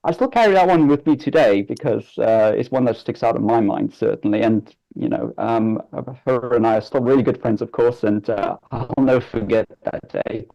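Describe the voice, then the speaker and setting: A man's voice: medium pitch, moderate pace, creaky, hardly any pauses, dark tone, muffled recording. A man on a work panel telling a personal story in an earnest, emotional, chatty way. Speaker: panel guest.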